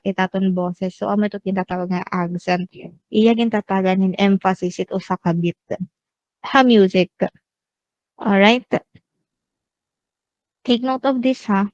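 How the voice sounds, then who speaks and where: A woman's voice: medium pitch, darkish tone, no echo. A young woman with a Waray Filipino accent teaches a class online, switching between English and Waray and asking students questions. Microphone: laptop mic on a video call. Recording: dull, dry video-call audio.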